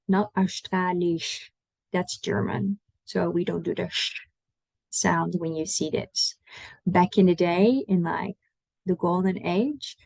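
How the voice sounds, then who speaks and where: A Dutch-speaking woman teaching an online language lesson in English, saying Dutch words slowly and repeating them for learners. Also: on the low side, gravelly, a little mellow, slightly rough, dry recording, low-quality recording.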